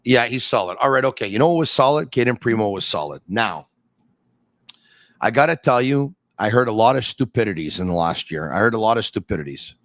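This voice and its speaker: A man hosting a sports talk podcast, speaking emphatically with dramatic build-ups and quick asides. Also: on the low side, lively intonation, fairly bright tone, dry recording. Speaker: podcast host.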